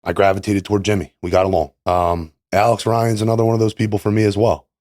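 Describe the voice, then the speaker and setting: Podcast guest, male, lowish voice, earnest and halting, lots of fillers. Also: little pitch movement, darkish tone, no echo, studio quality. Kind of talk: casual conversation about recovery.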